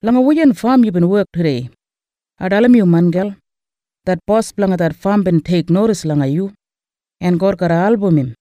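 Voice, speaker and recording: A man's voice: sits high, moderate pace, warm tone, no room sound, close to an everyday voice. A man with an Australian Kriol accent voicing Naomi, an eager older widowed woman, in a Bible story reading. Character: older widowed mother-in-law, excitable.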